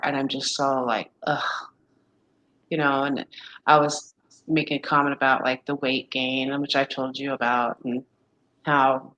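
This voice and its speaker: A woman's voice: low-pitched, a bit bright, a little hiss or hum, poor audio. A woman in her fifties in casual chat with a friend, rambling and exasperated, talking wearily about exhaustion, full of restarts. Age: 50s. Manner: weary, complaining of exhaustion.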